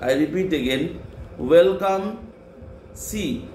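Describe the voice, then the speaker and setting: Slow man spelling words aloud. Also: fairly high pitch, darkish tone. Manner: repeats each word and spells it out patiently. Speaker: French teacher. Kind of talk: slow classroom dictation, spelling words letter by letter. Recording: echoey classroom with faint hum.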